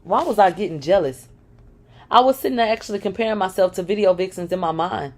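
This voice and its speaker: A woman's voice: medium pitch, fast talker. A woman reading a first-person memoir aloud, candid, and breaking in with sarcastic asides. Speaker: reader of a memoir.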